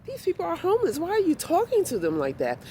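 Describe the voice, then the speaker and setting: A woman's voice: extremely high pitch, wildly swooping pitch, fast, dark tone, slight background noise, voice pushed up, full character voice. A woman doing an indignant, articulate young woman. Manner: indignant, incredulous.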